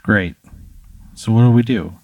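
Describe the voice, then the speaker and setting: A man in improvised comic banter, asking deadpan, incredulous questions. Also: on the low side, unhurried, dry recording, narrow, tinny audio.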